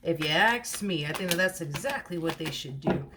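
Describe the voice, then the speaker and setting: A woman's voice: fairly low pitch, animated, normal speed, very noisy. A woman giving a casual tarot reading. She is chatty and giggly, and she repeats her words often. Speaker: tarot card reader.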